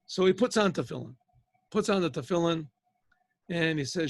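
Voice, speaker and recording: Older man, rabbi, animated storyteller, gravelly, slightly high voice. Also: measured pace, no echo. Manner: rambling, animated retelling. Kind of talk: storytelling over a video call. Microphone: video call.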